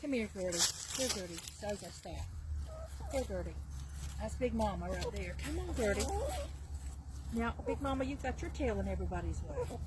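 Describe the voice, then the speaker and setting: A woman records her backyard chickens on her phone outside, talking to the hens in a doting, coaxing way and laughing frequently, like a casual home video. Her medium-pitched voice is lively at a moderate pace with frequent pauses, and outdoor background noise is clearly audible.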